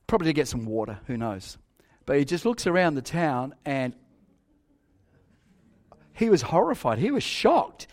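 An older man preaching a sermon, telling a story animatedly with soft asides and loud exclaims. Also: fairly high pitch, very animated, moderate pace, pauses often.

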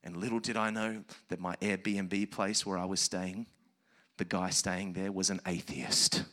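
Male preacher, bright-toned storyteller, very animated, drops to near hush then surges loud. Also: low-pitched, measured pace. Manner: animated, swings from hushed asides to shouted peaks. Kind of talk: sermon storytelling.

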